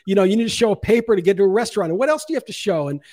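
A man's voice: sits high, expressive, rapid-fire, a little mellow. A man co-hosting a podcast, talking in a heated, profane rant during casual chat. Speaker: podcast co-host.

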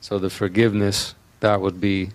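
A man in a personal conversation, speaking haltingly and searching for words. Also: lowish voice, flat delivery.

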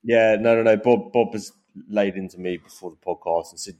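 British male podcast host, very low voice, loose and rambling, home mic. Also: steady tone, moderate pace, few pauses, warm tone. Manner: rambling, self-deprecating, many fillers and restarts. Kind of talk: casual political podcast chat. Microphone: home podcast mic setup.

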